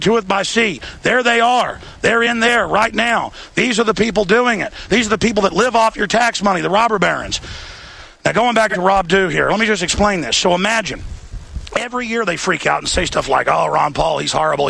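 A man's voice: sits high, gravelly, sharp tone, dry recording. A man hosting a political broadcast, ranting urgently and repeating himself. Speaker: show host. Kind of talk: heated political broadcast rant.

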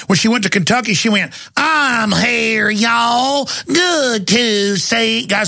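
A man's voice: high-pitched, creaky, pushed and bright, slightly rough, no room sound, studio quality. A man hosting a political talk show who talks bluntly, with stammering restarts.

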